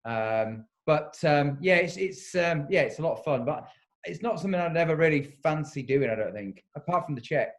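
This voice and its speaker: A man's voice: a little high, lively intonation, normal speed. Agreeable male podcast host. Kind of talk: casual chat.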